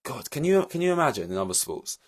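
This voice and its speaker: A man hosting a solo podcast, talking in a rambling, animated way full of fillers and restarts. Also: mid-range voice, fast talker. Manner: rambling and animated, many fillers and restarts, laughs between points. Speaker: podcast host. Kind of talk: solo casual podcast commentary.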